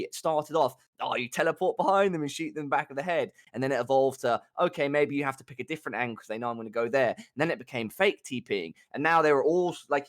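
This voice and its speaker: A man talking casually about tactics on a live gaming show, swearing and ranting at times. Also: a bit bright. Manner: swears a lot, rants with rising pitch. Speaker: guest pro player.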